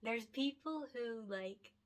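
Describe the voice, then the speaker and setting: Her voice runs high and expressive, and she takes her time. She's a young woman who writes and illustrates picture books, chatting casually to camera on her own, speaking from the heart, laughing a lot and getting emotional.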